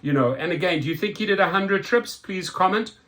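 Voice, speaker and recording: An exasperated man with a fairly high voice reads a news piece aloud and keeps breaking off to argue with it. His comments are sarcastic and heated, and he often stumbles, repeats and restarts words. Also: animated, brisk, fairly bright tone. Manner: indignant, exasperated, with sarcastic asides. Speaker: rideshare commentary host. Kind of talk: reading and reacting to a news article.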